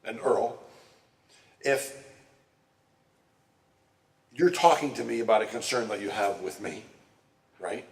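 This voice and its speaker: A man's voice: on the low side, takes it slowly, vocal fry, long pauses. A man giving a conversational talk to a church congregation, often putting direct questions to his listeners. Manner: engages the audience with direct questions. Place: church sanctuary. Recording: echoey room, distant mic, faint ambience.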